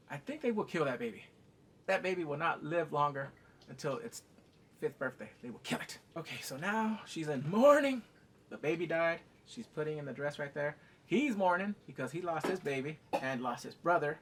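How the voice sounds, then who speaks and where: A man's voice: fairly high pitch, normal speed, slight background noise. A man giving a casual, profane recap of a TV episode. He acts out the scenes as he talks. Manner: animated, profane, acting out scenes. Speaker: TV show reviewer.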